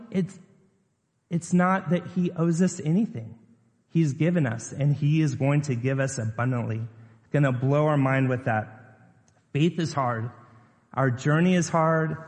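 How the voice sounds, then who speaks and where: Conversational pastor preaching in a reverberant hall. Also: male voice, fairly high pitch, a little mellow. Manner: conversational preaching, asks the congregation questions. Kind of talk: sermon. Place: church sanctuary. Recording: long reverb of a church hall.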